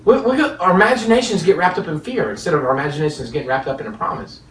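A man's voice: fairly high pitch, lively intonation, rapid-fire, a bit bright, a little hiss or hum. A man preaching a sermon, telling stories with rhetorical questions and chuckles between points. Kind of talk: sermon with storytelling. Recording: echoey room, distant mic.

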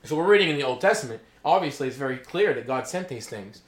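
A man's voice: mid-range voice, lively intonation, fast talker. A middle-aged male pastor preaching a sermon, reading scripture aloud and explaining it in loose asides, often checking in with "okay?" and "you know?". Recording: echoey room.

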